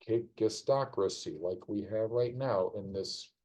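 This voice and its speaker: A man's voice: on the low side, measured pace, dark tone, rough recording. A man casually commenting on a live stream as he solves a crossword, rambling through clues with wry asides. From United States.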